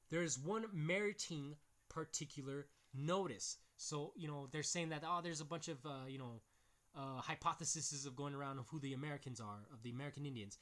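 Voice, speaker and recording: Blunt and profane, a male video host reads aloud from books in a somewhat high, fairly bright voice. He follows the passages with crude, mocking comments and swears often in this casual talk.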